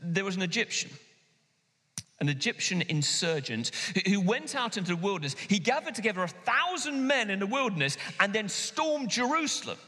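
A man preaching a sermon as pastor, animated and emphatic, slowing down and pausing for effect. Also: high voice. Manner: animated, emphatic preaching with sudden pauses and slowdowns. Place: church hall. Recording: long hall reverb.

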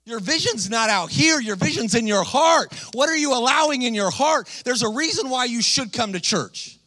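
A man's voice: very high voice, animated, normal speed, sharp tone, no echo. A man preaching a sermon in church, punching his points with rhetorical questions and "come on" refrains. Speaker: guest preacher.

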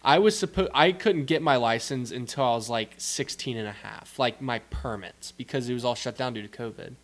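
A man's voice: medium pitch, brisk. A young man co-hosts a podcast with a friend. He rambles in loose, casual chat and often restarts his sentences partway through. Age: young adult. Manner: rambling, self-interrupting. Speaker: podcast co-host.

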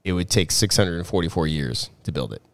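Deep-voiced man chatting in a garage. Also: animated, brisk, no room sound. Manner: laughing, leads topics, swears freely. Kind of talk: casual chat. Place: home garage.

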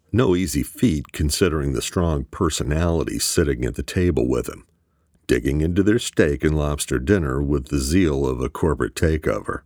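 A man with a strikingly deep, low voice narrating a novel at a measured, even pace. The recording is dry and close, with no room sound. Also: dry recording. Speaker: audiobook narrator. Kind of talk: scripted narration.

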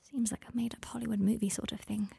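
A hesitant young woman murmurs in a low, halting way, voiced by a woman reading an audiobook. Her voice is gravelly and breathy, pitched in an ordinary middle range. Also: fairly even intonation. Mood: hushed. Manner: soft, halting, near-whispered.

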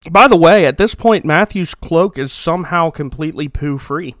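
A man with a fairly high voice recaps a show with a steady stream of jokes, laughing often and slipping into goofy character voices. The sound is dry and close, with no room around it. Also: moderate pace, dry recording. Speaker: podcast co-host. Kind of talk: comedic recap chat.

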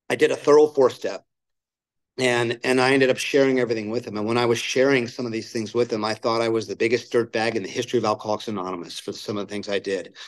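A man's voice: mid-range voice, poor audio. A man sharing his personal recovery story at a meeting, candid and plain-spoken, acting out the voices of people he quotes. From Southern California. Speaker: main speaker at a recovery meeting. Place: meeting room.

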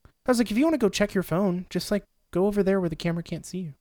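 A woman's voice: mid-range voice, very fast, warm tone, dry recording. A woman co-hosting a podcast in casual chat, blunt and swearing freely. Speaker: podcast co-host.

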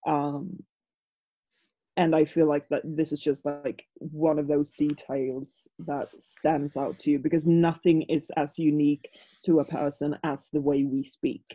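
Woman, European, non-native English speaker, lowish voice, rambling podcast chat, dull lo-fi audio. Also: flat delivery, a little slow. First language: not English. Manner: rambling, frequent restarts and fillers. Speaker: podcast co-host.

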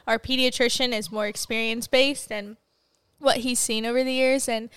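Co-host, young woman, high-ish and smooth, dry close sound, chatty storyteller. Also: steady tone, moderate pace, fairly bright tone, no room sound. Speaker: podcast co-host, new mother. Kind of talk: casual chat.

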